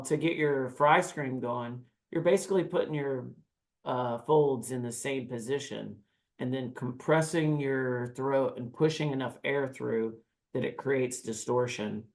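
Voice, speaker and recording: A man on a podcast breaking down screaming techniques in a casual, animated way, now and then demonstrating growls and screams. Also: mid-range voice, vocal fry. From United States. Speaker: guest vocalist. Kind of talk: podcast interview, explaining vocal technique.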